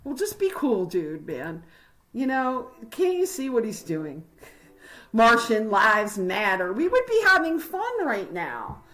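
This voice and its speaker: A woman's voice: high voice, wildly swooping pitch, unhurried, a bit bright, rough recording. A woman hosting a livestream, ranting heatedly and confrontationally, rambling with fillers. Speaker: livestream host.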